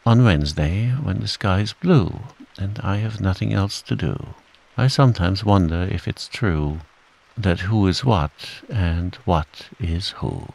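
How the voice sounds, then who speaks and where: A gentle, simple-minded young bear speaks in an earnest, hesitant storybook voice, as a man reading aloud puts him on. The pitch sits a little above the reader's own low voice, with a gravelly edge. He moves slowly and carefully. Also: exaggerated voice.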